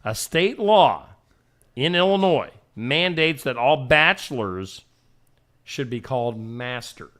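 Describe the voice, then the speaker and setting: A man's voice: mid-range voice, expressive, slow, fairly bright tone. A man hosting a casual morning show, reading odd news stories in a joking way. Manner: jokey, reads odd news stories and puts on silly voices. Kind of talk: casual radio show banter.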